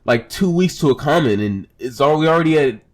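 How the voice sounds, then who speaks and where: A man's voice: a little high, expressive, a little fast. A young man giving an exasperated, casual reaction rant as a commentator, stumbling over repeated words and swearing.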